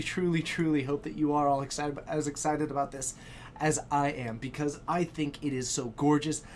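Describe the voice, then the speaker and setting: A man hosting a live stream, chatting with viewers in a hyped, exclamatory way and breaking into shouts. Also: a little high, slight background noise. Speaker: stream host. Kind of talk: excited live-stream chat.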